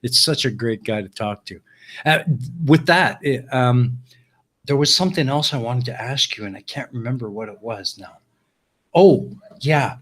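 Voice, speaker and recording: A man hosting a live stream, chatting casually and greeting viewers warmly. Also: medium pitch, animated, moderate pace. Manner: friendly, greets chat viewers by name.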